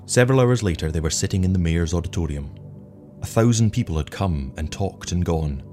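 A man reading an audiobook story in a measured, even way, with faint music behind. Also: low-pitched. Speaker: narrator. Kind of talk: audiobook narration.

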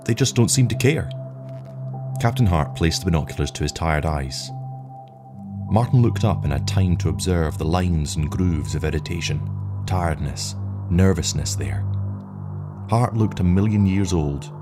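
A man narrating a science-fiction short story in a measured, even reading. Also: deep voice. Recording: narration over background music. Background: clear background music.

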